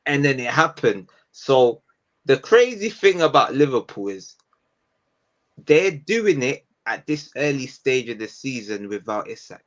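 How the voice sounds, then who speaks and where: A man, giving his thoughts on football in a relaxed podcast chat. He weighs things up and repeats key phrases for emphasis. His voice is middling in pitch and comes through a bit dull and lo-fi. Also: measured pace. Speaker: podcast panelist.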